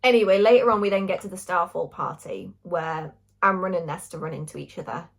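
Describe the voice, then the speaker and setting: A woman's voice: lowish voice, a little fast, gravelly. A young woman reviewing a book in casual, gushing chat, swearing freely.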